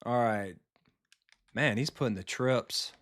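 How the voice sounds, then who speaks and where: A man's voice: medium pitch, fairly bright tone. Casual man commenting live on a football game. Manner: casual, blunt and profane, quick reactions to the game. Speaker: video game streamer and football coach. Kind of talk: live gameplay commentary, chatting with viewers.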